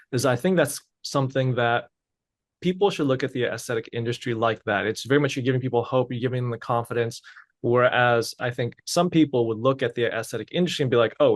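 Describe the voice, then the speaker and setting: Fast-talking man hosting a podcast. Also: mid-range voice, no echo, studio quality. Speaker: podcast host. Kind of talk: podcast interview.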